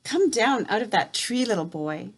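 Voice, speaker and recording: Woman reading as a rasping, coaxing witch. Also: on the high side, animated, normal speed. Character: creepy rasping female witch luring a boy.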